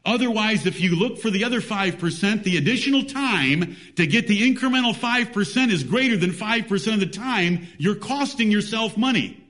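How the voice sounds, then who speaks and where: High-voiced man preaching a sermon. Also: animated, normal speed, few pauses, fairly bright tone. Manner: emphatic, reads scripture in old-fashioned biblical wording.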